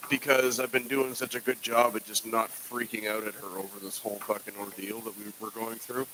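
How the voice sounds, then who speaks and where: Bright-voiced profane casual man. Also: lowish voice, level tone, brisk, slight background noise, low-quality recording. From Canada. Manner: loose, profane, jokey, rambling. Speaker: podcast co-host. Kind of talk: casual chat.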